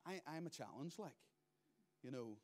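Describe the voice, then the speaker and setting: A middle-aged man, preaching a sermon as pastor, moving between loud emphatic lines and quiet asides. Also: on the high side, animated, moderate pace.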